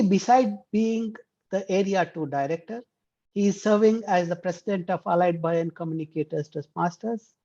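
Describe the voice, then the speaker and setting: Woman hosting an online club meeting, lowish mellow voice, reads the intro, muffled lo-fi audio. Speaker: meeting host introducing speakers. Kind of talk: formal introduction. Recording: dull lo-fi video call audio.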